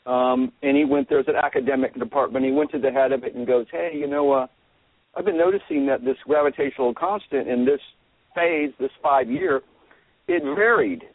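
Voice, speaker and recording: A man talking casually to his listeners, rambling and halting with many fillers and restarts as he works through his opinions. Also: mid-range voice, dry recording. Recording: tinny phone-like line.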